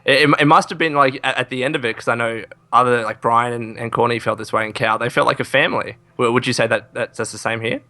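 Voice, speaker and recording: A man's voice: medium pitch, steady tone, fast talker, few pauses, bright, forceful tone, dry recording. A man hosting a casual podcast interview, eager and laughing often. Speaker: podcast host.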